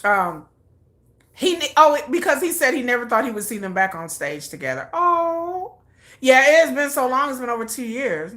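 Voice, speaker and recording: A middle-aged woman hosting a casual K-pop news chat, chatty and excitable, often slipping into quick acted quotes. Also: sits high.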